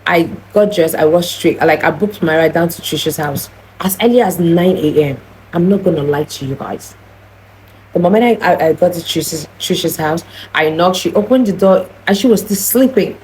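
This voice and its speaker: A woman's voice: lowish voice, moderate pace, a little mellow, a little hiss or hum, rough recording. A young woman tells a personal story in an earnest, heated vlog style, often restarting her sentences. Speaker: vlogger.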